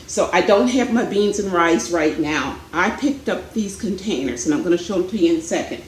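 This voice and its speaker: A woman's voice: on the low side, expressive, brisk, roomy sound, slight background noise, rough recording. A woman vlogging from home in a chatty, rambling way, out of breath. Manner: chatty, rambling, many fillers. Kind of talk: casual chat. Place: home, indoors.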